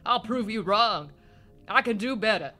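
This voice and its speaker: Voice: mid-range voice, lively intonation, unhurried, sharp tone, soft background music. A player voicing a brash, drawling bird lawyer. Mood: indignant. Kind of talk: reading a game aloud with voices.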